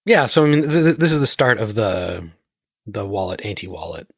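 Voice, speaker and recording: A man's voice: on the low side, very animated, fairly quick, breathy edge, no echo, clean studio sound. A man co-hosting a podcast in casual chat, stammering and restarting as he rants. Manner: stammers and restarts while ranting. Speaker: podcast co-host.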